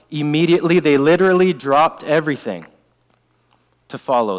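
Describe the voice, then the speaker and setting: Earnest male preacher in a reverberant church. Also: a little high. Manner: earnest, emphatic, repeats key phrases. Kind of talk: sermon. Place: church sanctuary. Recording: long reverb of a large hall.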